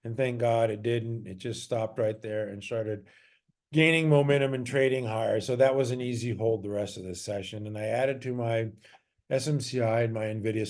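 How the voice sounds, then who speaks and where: A man's voice: fairly low pitch, darkish tone. A man who trades stocks, casually walking through his trades and charts in a loose, chatty way with frequent fillers and self-corrections.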